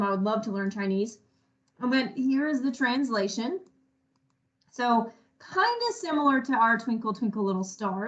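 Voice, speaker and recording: A woman's voice: on the high side, highs cut off. A woman music teacher leading an online lesson, singing short phrases for children to echo and cheering them on, a little self-deprecating.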